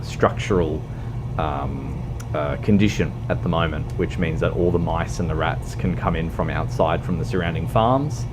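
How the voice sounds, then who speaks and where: A man's voice: sits low, noisy background. A man chatting casually on a livestream while gaming, hesitant with many ums and uhs. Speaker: streamer. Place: indoors at home, streaming in a fursuit.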